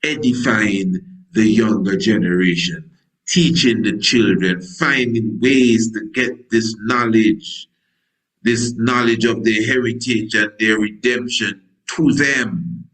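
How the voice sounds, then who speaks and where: Slow low-pitched preacher guy, rambling folksy sermon with wordplay, acts out bible bits. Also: fairly bright tone, poor audio. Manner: acts out biblical dialogue in voices. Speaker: priest.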